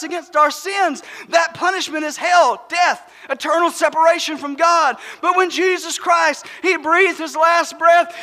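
A man delivers an emphatic, fervent sermon in a very high, bright and forceful voice. His words ring out with a long reverb from the church sanctuary around him. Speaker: preacher.

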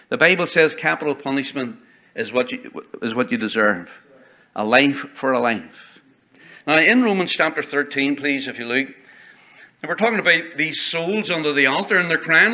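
A man's voice: on the high side, moderate pace, bright, forceful tone. A man preaching a sermon as pastor in a church, emphatic and quoting old-style scripture. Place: church sanctuary.

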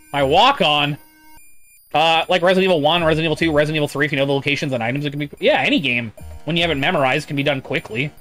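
A man's voice: fairly high pitch, bright, forceful tone. Man streaming a retro game, cursing freely. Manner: profane, rambling, reads chat aloud. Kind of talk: casual live-stream commentary.

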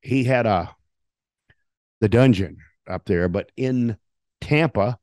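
An older man, a retired wrestler giving a shoot interview, tells rough, profanity-laced stories and slips into the voices of people he quotes. His low voice moves slowly. The recording is dry and close, with no room sound.

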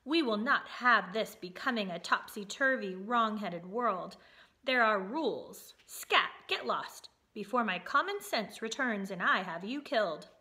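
A woman's voice: medium pitch, expressive, sharp tone. A woman doing a stern pompous king. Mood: angry. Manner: slow, commanding, disdainful. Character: stern pompous male king, middle-aged. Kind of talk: reading a storybook aloud.

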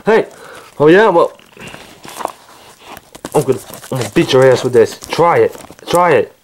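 A man acting out a home-made toy skit, bickering with himself in several voices, jumping between shouted yelps and low grumbles. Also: animated, normal speed, long pauses, slight background noise.

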